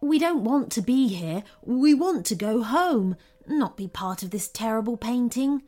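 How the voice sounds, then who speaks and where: A woman's voice: a little high, expressive, unhurried, a little mellow. A woman voicing a weary, despairing grown man in a storybook, sighing and resigned.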